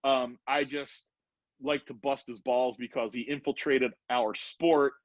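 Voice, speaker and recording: A middle-aged man, a former BMX rider, telling a profane, animated story as a podcast guest. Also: medium pitch, measured pace, no room sound. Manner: profane, animated, acts out voices in anecdotes. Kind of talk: casual storytelling. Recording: dull lo-fi podcast audio.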